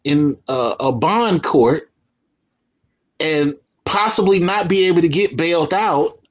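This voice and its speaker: Slow-talking man mocking a clip. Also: on the high side, dull audio. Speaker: commentator reacting to a video. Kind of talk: casual reaction commentary.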